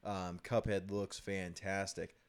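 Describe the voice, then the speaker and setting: A man's voice: low-pitched, level tone, takes it slowly, clean tone. Laughing man in casual gaming chat. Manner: laughs often, many ums and restarts. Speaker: co-host of a gaming video series.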